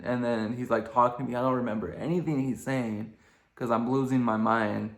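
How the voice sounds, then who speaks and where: A man's voice: mid-range voice, fairly even intonation, a little fast. A young man casually telling a rambling story as a vlogger, with lots of fillers. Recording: echoey room.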